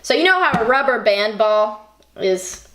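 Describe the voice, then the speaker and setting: A woman's voice: a little high, lively intonation, unhurried, a bit bright. Young woman rambling dreamily, echoey room. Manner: dreamy, rambling storyteller, swears casually. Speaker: musician guest. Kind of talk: casual chat.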